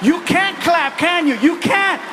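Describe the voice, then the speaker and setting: A man works the audience in a teasing, punchy stand-up set. His voice sits high. A long hall reverb and a crowd surround him. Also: expressive, a little slow, loud music behind the voice. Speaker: stand-up comedian. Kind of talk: stand-up routine with crowd work. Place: comedy club stage.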